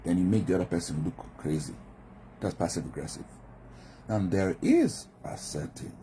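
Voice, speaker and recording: A man's voice: sits low, big pitch swings, normal speed, dark tone, slight background noise. A man from Nigeria giving a reflective monologue about communication styles, often acting out quoted voices. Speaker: commentator.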